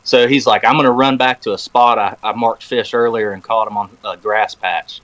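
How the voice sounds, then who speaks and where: A man's voice: on the low side, moderate pace, low-quality recording. Laid-back man telling a long fishing story. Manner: animated storyteller, acts out quoted phone talk. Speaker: podcast guest. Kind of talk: casual storytelling chat. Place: podcast recording room.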